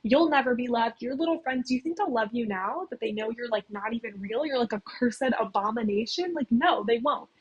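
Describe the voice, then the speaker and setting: A sneering, unhinged young male villain, as a woman retelling a story puts him on. The voice sits a little high and sounds breathy, and it is scattered with casual filler words. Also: brisk, hardly any pauses, highs cut off. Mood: taunting.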